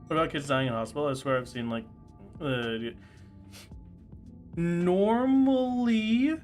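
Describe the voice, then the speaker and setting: A man streaming a game live, chatting casually with his viewers in a playful, excitable way. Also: a little high, unhurried, soft background music. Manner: playful and excitable, squealing and laughing at surprises. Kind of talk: casual livestream chat while gaming.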